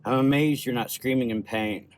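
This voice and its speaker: A man voicing an older Russian doctor with a Russian accent, speaking slowly and gently. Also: medium pitch, no echo, lightly acted. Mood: grave. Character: older male Russian doctor, kind, sad.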